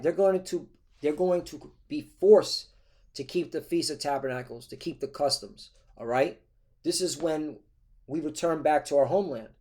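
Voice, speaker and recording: A man with a slightly high, darkish voice preaches a sermon from scripture, reading verses aloud. He keeps breaking in with "all right? okay?" check-ins, and his tone is combative.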